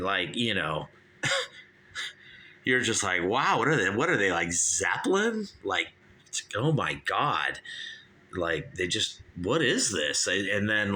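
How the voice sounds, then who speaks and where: A man's voice: sits low, pushed and bright. A man in his fifties hosting a show, rambling through a casual music review and calling his listeners "you guys". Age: 50s. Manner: rambling, chatty, keeps saying "you guys". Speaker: show host.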